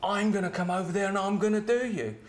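A man voicing a huge, enraged street brawler who is shouting threats across a road. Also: sits high, fairly even intonation, fast talker, echoey room, pitched above the performer's own voice, natural voice. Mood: threatening.

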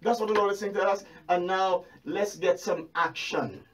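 Speaking at a normal speed, this preacher has a high voice and an animated delivery. He hammers home key phrases through repetition and throws rhetorical questions at the congregation, though he sounds distant because the mic is placed well away from him.

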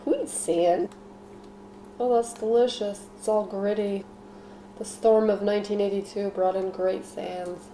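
A young woman rambles through a deadpan comedy monologue while baking at home, tossing in silly asides. Her voice sits at a middle pitch. The kitchen rings with a noticeable echo, and a faint noise runs underneath. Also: measured pace. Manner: offbeat, jokey asides, mock voices for quoted people.

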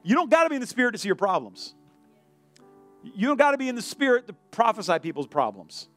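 A man with a high, light voice preaches to his church, animated and lively. He acts out the voices of the people in his story. Faint instrumental music plays softly behind him. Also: fast talker. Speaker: pastor. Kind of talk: sermon. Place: church sanctuary.

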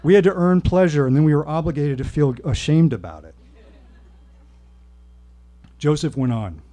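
A man telling a personal story at a live reading, with wry, deadpan humor. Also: fairly high pitch, moderate pace. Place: stage at a live show.

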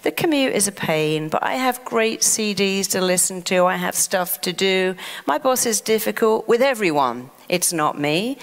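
English female therapist, motivational speaker, low-ish voice, animated asides, hall echo. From England. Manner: animated, acts out the mind talking back. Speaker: therapist and self-help speaker. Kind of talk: motivational talk.

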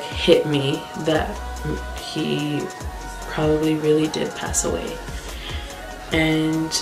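A young woman telling a personal story for her vlog in a candid, raw way and swearing bluntly. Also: sits low. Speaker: vlogger. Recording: roomy echo with background music.

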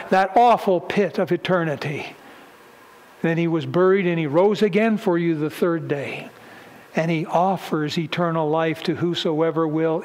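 A pastor delivers a sermon with fervent conviction, his voice sitting notably high for a man. He swells in volume and then drops back, rolling through his points in a preaching cadence. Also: low-quality recording.

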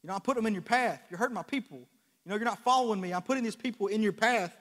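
A preacher voicing God, stern and rebuking. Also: male voice, high voice, fast talker, a bit bright, big-room sound, voice pushed up. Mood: stern rebuke. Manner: reproachful, insistent repetition.

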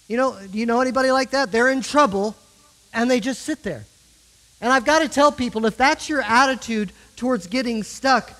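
A man's voice: very high voice, fairly bright tone, poor audio. A middle-aged man with an American accent, preaching a sermon as pastor and acting out pleas and quotes with rising intensity. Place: church sanctuary.

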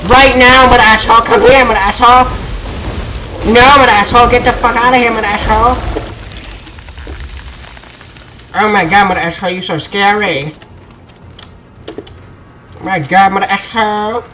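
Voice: mid-range voice, fairly even intonation, fairly quick, long pauses, bright, forceful tone, lightly acted. Gamer doing a brash movie-star guy, broken english, swearing nonstop, noisy audio. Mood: trash-talking. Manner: broken-English put-on accent, swearing, trash-talking. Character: impression of a famous male action-movie star, cocky and brash.

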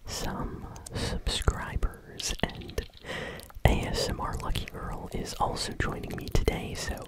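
An unvoiced, breathy whisper carries this ASMR gameplay commentary, with gum chewing woven through the talk. The host speaks close to the microphone, relaxed and unhurried, pausing on little "uh"s between thoughts. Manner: chewing bubblegum while talking; relaxed, unhurried, with small hesitations. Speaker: gaming channel host.

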